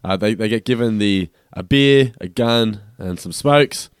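A man co-hosting a podcast, recapping scenes in steady, low-key casual chat. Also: measured pace, smooth, no room sound, studio quality. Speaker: podcast co-host.

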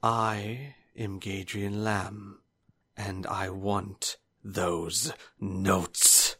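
A man voicing a menacing older male swordsman who talks in a slow, soft, condescending drawl. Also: fairly low pitch, flat delivery, husky, full character voice.

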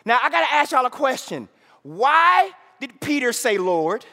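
A man preaching a sermon in a church hall, peppering it with "right?" and swinging between shouted lines and hushed asides. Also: extremely high pitch, very animated, moderate pace. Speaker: pastor.

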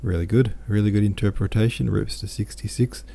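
Gravelly deep-voiced man reading aloud. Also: a little fast. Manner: relaxed, chatty asides between reading. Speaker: podcast host and reader. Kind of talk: audiobook reading with listener comments.

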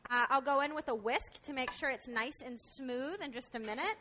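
A woman's voice: high-pitched, normal speed, pushed and bright, slight background noise. A woman chef demonstrating a recipe on live radio, explaining step by step with many "um" fillers. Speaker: chef and cooking instructor.

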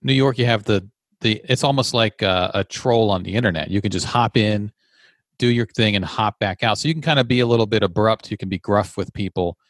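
Low-voiced man from Virginia chatting. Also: fairly quick, no echo, studio quality. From Virginia, USA. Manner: reflective, explains his points at length. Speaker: co-host. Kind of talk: casual chat.

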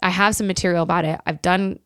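A woman's voice: fairly low pitch, steady tone, fast, clear, resonant tone, no echo, studio quality. A young woman comedian telling stories in casual podcast chat, full of fillers like "like" and "um". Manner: chatty, storytelling with many fillers. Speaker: comedian guest.

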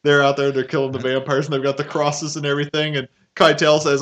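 A man's voice: on the high side, animated, brisk, few pauses, fairly bright tone. A man co-hosting a casual movie podcast, talking about films with gushing enthusiasm. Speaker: podcast co-host.

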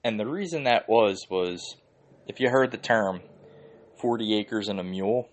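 A man's voice: lowish voice, measured pace. A man from Philadelphia hosting a podcast, ranting casually and heatedly with lots of swearing and "like" fillers. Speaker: podcast host.

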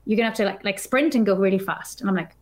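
A woman guest on a podcast, telling a story in an animated, chatty way, full of filler words. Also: medium pitch, racing. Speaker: podcast guest, developer advocate. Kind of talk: casual storytelling chat.

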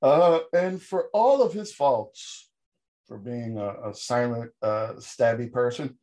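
A man co-hosting a podcast, recapping a film with animated, sarcastic storytelling and sudden jumps in pitch. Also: takes it slowly. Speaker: podcast co-host. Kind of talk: casual comedic film review chat.

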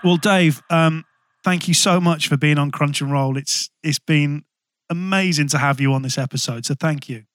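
A male podcast host chats with his guest, often stumbling over his first words. His voice sits a little high for a man, and the sound is dry and close. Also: normal speed, a bit bright, no room sound. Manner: chatty, stammering restarts, laughs easily. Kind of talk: casual podcast interview.

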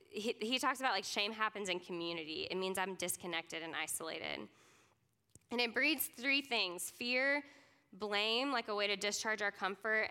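A woman's voice: medium pitch, pushed and bright, clean tone, long reverb tail. A young woman teaching a class in a casual, earnest way, leaning on lots of "like" fillers. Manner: earnest, chatty, many "like" fillers. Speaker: speaker teaching a youth ministry class. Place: conference classroom or hall.

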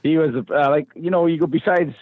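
A man, a former hockey enforcer, tells stories in a relaxed, rambling way, often restarting his sentences. His voice comes through a thin, phone-like line. The sound is dry and close, with no room around it. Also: fairly high pitch, fairly quick, breathy edge, no room sound. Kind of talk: casual storytelling.

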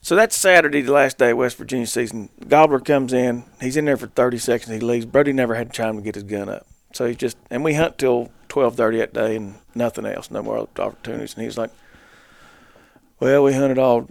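A man's voice: medium pitch, fairly quick, creaky, no echo. A man, co-hosting a podcast, tells a hunting story in casual chat and laughs through his punchlines. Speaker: podcast co-host.

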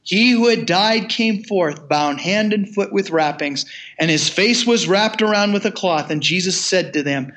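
Older man, high voice, sermon, measured scripture reading, casual retelling with chuckles. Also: fairly bright tone. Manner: reads scripture aloud in measured tones, then retells it with chuckles. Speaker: pastor.

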